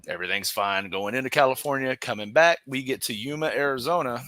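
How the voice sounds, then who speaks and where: A man, a professional wrestler guest on a podcast, telling a story in an animated way, laughing often and restarting his sentences. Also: mid-range voice, brisk, no echo. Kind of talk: casual storytelling interview.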